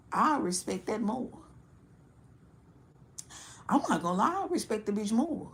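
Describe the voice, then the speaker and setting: A woman giving a casual tarot reading to her audience, blunt and profane, animated and laughing often. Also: medium pitch, unhurried, pauses often. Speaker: tarot reader.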